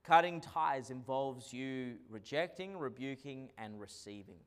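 A man preaching a sermon as pastor, swinging between loud declarations and quiet asides. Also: medium pitch, animated, a little slow.

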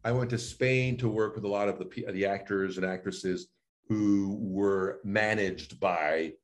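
Low-voiced man, lively storytelling coach. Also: unhurried. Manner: animated storyteller, acts out quotes, many restarts. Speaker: voice and speech coach. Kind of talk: casual online interview chat. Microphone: video call.

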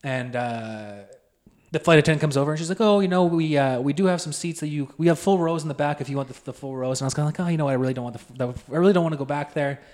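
A man's voice: on the high side, a little mellow. A young man co-hosting a podcast, telling a rambling story full of "like" and quoting the people he talked to. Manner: fast, rambling, heavy on "like". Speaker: podcast co-host. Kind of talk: casual storytelling chat.

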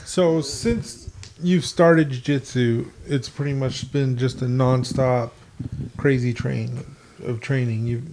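A man hosts a casual chat and speaks at an unhurried, slow pace. He asks his guests questions and teases them with dry jokes. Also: medium pitch, steady tone, darkish tone, slight background noise. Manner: teasing, joking interviewer. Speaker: host.

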